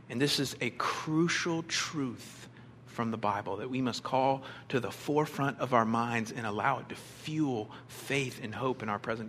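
A man's voice: mid-range voice, sharp tone. A man preaching a conversational sermon, with bits of humor and the odd filler. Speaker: pastor.

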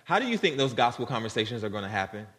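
A man's voice: medium pitch, very animated, rapid-fire, fairly bright tone. A man preaching a sermon to a congregation, earnest and conversational, speaking directly to them. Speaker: guest preacher. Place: church sanctuary. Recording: long hall reverb.

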